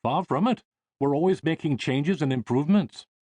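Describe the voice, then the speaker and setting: A man's voice: a little high, a little mellow, husky, no room sound, voice pushed up. A man voicing a busy, friendly male ship designer. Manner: brisk, friendly.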